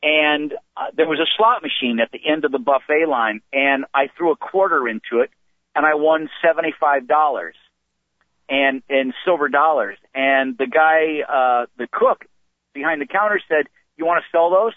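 Older male comic guest, rambling storyteller, slightly high voice, on a tinny phone line. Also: moderate pace, dry recording. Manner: rambling, animated storytelling with restarts. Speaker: comedian guest. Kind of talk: anecdotal storytelling. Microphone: phone call.

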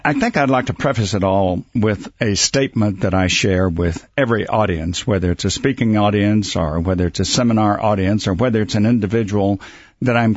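A man, a communication coach, giving measured answers as a talk show guest. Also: on the low side, husky, no echo, dull audio. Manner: measured, quotes sayings, chuckles. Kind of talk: radio interview guest.

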